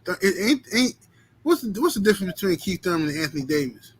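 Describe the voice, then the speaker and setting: A man's voice: sits high, very animated, fast talker, slightly rough, low-quality recording. A man hosting a casual live boxing talk stream with a loose, profane, slang-heavy manner. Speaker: boxing talk show host.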